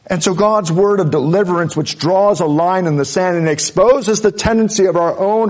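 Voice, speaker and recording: A pastor preaching a sermon, earnest and emphatic, driving points home with repeated phrases. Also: male voice, sits high, expressive, moderate pace, hardly any pauses, darkish tone.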